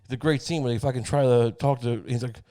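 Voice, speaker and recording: A man's voice: medium pitch, steady tone, quick pace, warm tone. A man hosting a podcast, rambling through a sarcastic, profane comedic monologue. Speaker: podcast host.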